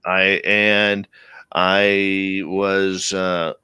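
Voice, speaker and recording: A male radio host with a forceful, bright-edged voice and fairly low pitch. He tells stories animatedly and slips into quoted voices. The sound is dry and close. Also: drawn-out words, smooth, dry recording. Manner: animated storyteller who acts out quoted speech. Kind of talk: casual interview talk.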